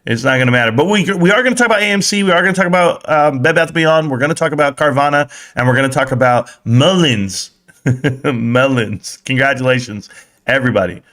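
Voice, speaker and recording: Animated man joking on a live stream. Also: brisk. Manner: animated, joking, profane, swings from loud excitement to low mutters. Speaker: stock market live streamer. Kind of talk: casual live stream chat, reading chat.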